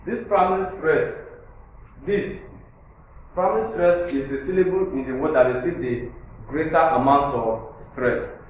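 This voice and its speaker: A man's voice: fairly high pitch, unhurried. A man teaching a lesson, repeating his points and spelling words out letter by letter. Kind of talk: classroom lesson on syllable stress. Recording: very echoey room with faint background noise.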